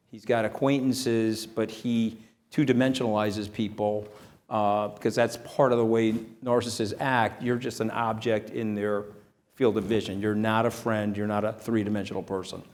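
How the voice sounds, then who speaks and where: A middle-aged man as an interview guest, telling an anecdote fast and animatedly. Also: lowish voice. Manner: fast, animated, acts out quoted voices. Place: event venue.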